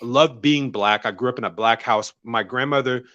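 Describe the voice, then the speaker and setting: A man's voice: medium pitch, normal speed, no echo, dull audio. A man from the American South, a guest telling stories in casual conversation, laughing often. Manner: laughs often, relaxed storytelling.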